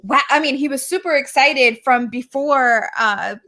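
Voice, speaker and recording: A woman's voice: sits high, unhurried. A woman co-hosting a podcast, chatting in a heartfelt, gushing way and laughing easily. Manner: warm, gushing, laughs often. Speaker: podcast co-host. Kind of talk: casual heartfelt chat.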